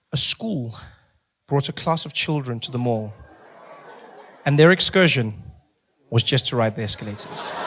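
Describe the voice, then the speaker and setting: A man telling stand-up stories to a live audience, animated and acting out his characters. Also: medium pitch. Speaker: stand-up comedian. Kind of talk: stand-up comedy storytelling. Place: comedy venue with a live audience.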